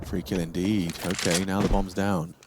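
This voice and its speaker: A man calling esports action play by play, quick and joking. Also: deep voice, little pitch movement. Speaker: esports commentator. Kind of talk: play-by-play commentary. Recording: noisy broadcast with gunfire behind.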